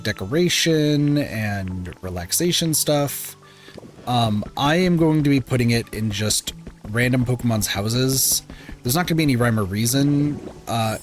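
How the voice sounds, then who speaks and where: A man talking through a relaxed game stream at an ordinary pitch for a male voice. He meanders from thought to thought, filling pauses with ums and likes and correcting himself as he goes. He sounds a little sleepy, with soft background music playing under his voice. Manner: rambling, lots of filler words and self-corrections. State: sleepy, yawning. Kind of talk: casual gameplay stream commentary.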